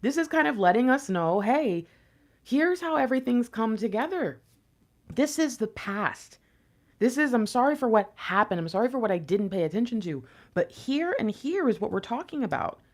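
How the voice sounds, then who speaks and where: A woman giving a tarot reading to camera, talking to viewers directly in an excitable, conversational way. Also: on the high side, normal speed. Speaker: tarot reader.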